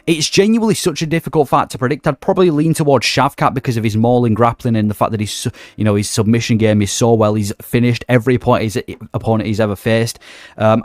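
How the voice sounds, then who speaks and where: A man's voice: on the low side, darkish tone, no room sound. A man giving an enthusiastic, emphatic opinion vlog about fight matchmaking in a casual conversational way. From not Australia. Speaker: MMA commentary YouTuber.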